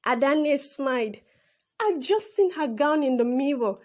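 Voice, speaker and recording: Slow, lively high-voiced woman storyteller. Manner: dramatic, shifts pitch for each character. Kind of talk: storybook narration with character voices.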